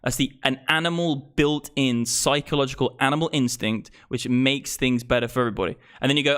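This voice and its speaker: His voice is smooth and fairly bright, mid-pitched, moving at a fairly quick clip with few pauses. The young crypto streamer swears freely as he gets fired up about politics into his streaming microphone.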